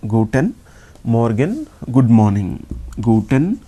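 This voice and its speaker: A man from India with an Indian English accent, teaching a slow classroom lesson and patiently repeating each sound. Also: mid-range voice, very animated, warm tone. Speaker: language teacher.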